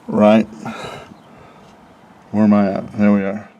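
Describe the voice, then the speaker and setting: A man's voice: lowish voice, monotone, takes it slowly, dark tone, highs cut off. A man casually rambling through a vlog outdoors beside his truck, chuckling and talking to himself as he works. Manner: rambling, chuckling, talks to himself while working. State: out of breath from bending over. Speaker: vlogger reviewing a truck job.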